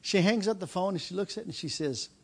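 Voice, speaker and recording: Man preacher, slightly high voice, storytelling sermon, rising to fervent repeated lines. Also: fast, breathy edge. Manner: storytelling, building to loud preaching cadence.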